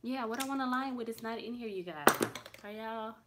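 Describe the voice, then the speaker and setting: A woman's voice: a little high, brisk. A young woman chatting casually through a makeup tutorial in her bedroom, talking to viewers and thinking aloud as she works. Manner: chatty, talks to viewers as y'all, thinks aloud while working. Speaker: beauty vlogger. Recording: clear background noise.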